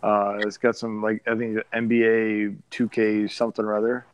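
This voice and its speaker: Casual male podcast guest, low-pitched, rambling and halting. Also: monotone, lo-fi sound, slight background noise. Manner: rambling, halting, many restarts. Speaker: parent discussing his son.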